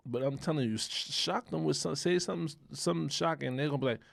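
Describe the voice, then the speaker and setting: A man co-hosting a casual podcast chat, animated and acting out quotes in raised voices. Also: on the high side, fast talker, vocal fry, no room sound, clean studio sound. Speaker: podcast co-host.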